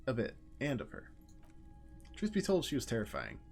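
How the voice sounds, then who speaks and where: A man's voice: medium pitch, wildly swooping pitch, moderate pace, creaky, soft background music. A man reading out the lines of a weary, detached male pawnshop keeper in a video game, dry and wry.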